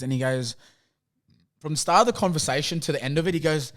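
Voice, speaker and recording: A man's voice: medium pitch, quick pace. Laid-back Australian man telling a footy story. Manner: animated, laughing, acts out quoted dialogue. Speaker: podcast guest, rugby league player. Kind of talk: casual storytelling chat.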